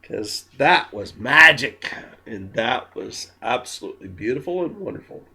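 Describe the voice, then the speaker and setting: A man who is drunk, talking in a slow, meandering, giggly way with many ums in a spiritual monologue to camera. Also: mid-range voice, animated, pushed and bright, breathy edge. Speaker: spiritual vlogger.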